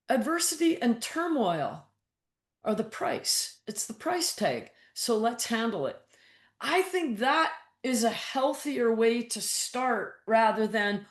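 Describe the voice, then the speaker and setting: Woman coach, unhurried, blunt and frank, swears freely, roomy echo around her voice. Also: high-pitched, lively intonation. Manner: frank and blunt, swears, acts out her own inner voice in quotes. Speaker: guest, mental toughness coach. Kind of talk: casual interview talk.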